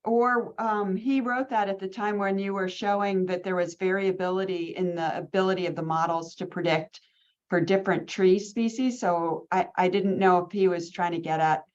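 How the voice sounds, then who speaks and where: A woman's voice: medium pitch, fairly even intonation, normal speed, lo-fi sound. A woman hosting a webinar and moderating its Q&A over a video call, friendly and loose, with many fillers.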